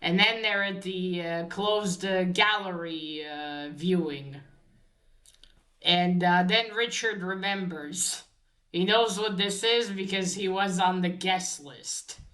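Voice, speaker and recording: A woman casually retelling the plot of a novel, often pausing on filler sounds as she gathers her thoughts. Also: fairly low pitch, a bit bright, rough recording. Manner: hesitant, many filler pauses. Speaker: book discussion host.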